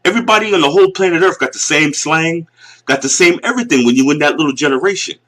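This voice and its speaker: A man's voice: fairly high pitch, quick pace, pushed and bright. A man in his forties with a Northeastern US accent, ranting bluntly and mockingly as a YouTube commentator reacting to a clip. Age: 40s. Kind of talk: reaction rant.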